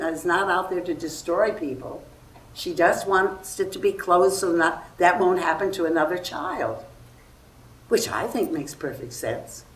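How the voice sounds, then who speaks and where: A low-voiced older woman tells stories before an audience, acting out everyone she quotes. She is picked up from far off in a roomy hall with a faint hiss behind her. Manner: animated storytelling, acts out quoted voices. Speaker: guest actress. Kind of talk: anecdotal festival talk.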